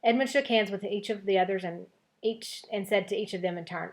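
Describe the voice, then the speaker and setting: A woman teacher reading a children's novel aloud to her class, with expressive storytelling narration. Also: medium pitch, a little fast.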